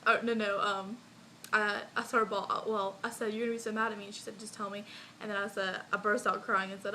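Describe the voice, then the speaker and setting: A woman's voice: mid-range voice, level tone, a little fast, pushed and bright, a little hiss or hum, rough recording. A young woman vlogger telling a personal story in a casual, chatty way, full of likes and ums and small laughs.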